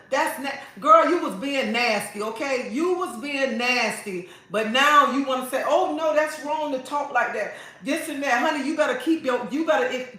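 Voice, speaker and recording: A woman's voice: high-pitched, bright, forceful tone. A woman hosting a livestream, talking to viewers in a sassy, preachy way and repeating her phrases. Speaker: livestream host. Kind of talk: casual livestream talk to viewers. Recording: very echoey room.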